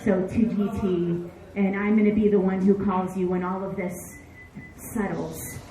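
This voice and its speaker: Woman talking kinda flat and halting, heartfelt, echoey bar, crowd around. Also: medium pitch. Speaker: comedian. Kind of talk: tribute speech. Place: comedy bar stage with audience.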